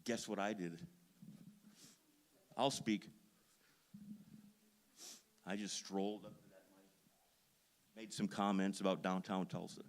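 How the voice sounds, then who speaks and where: A pastor's sermon from a man who talks in a fairly low voice. He tells stories about himself with a self-deprecating streak and lets the emphasis build loud. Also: flat delivery, moderate pace, pauses often. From Duluth, Minnesota. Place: church sanctuary.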